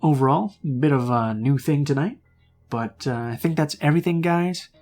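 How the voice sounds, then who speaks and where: A man who hosts a horror story channel, reading a story and then chatting with viewers in a relaxed way, often saying "uh". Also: fairly high pitch, moderate pace, soft background music. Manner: relaxed, chatty, with frequent filler "uh". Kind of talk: story reading and casual outro.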